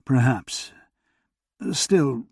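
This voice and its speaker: A man reading the part of a tired, earnest doctor in period England, with a courteous, hesitant manner and a husky voice. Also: mid-range voice, extremely slow, darkish tone, no echo, studio quality.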